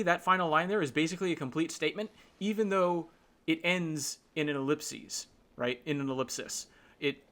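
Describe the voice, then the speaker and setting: This host's voice is on the high side, pushed and bright. He thinks aloud through a casual explanation, full of restarts and fillers, and keeps checking in with his listener using tag questions.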